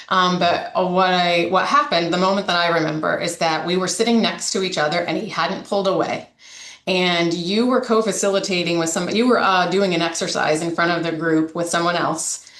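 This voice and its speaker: A woman's voice: lowish voice, fairly bright tone, echoey room. A woman who directs a domestic violence coalition, candidly recounting a story in an interview, with many fillers and restarts.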